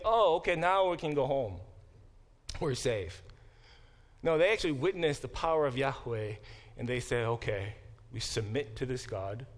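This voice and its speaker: Animated male Bible professor lecturing. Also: a little high. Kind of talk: classroom lecture. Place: classroom.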